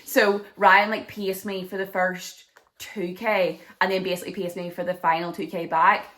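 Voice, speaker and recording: A woman's voice: lowish voice, level tone, moderate pace, a bit bright. A young adult woman vlogging to camera in a casual, chatty way, full of filler words.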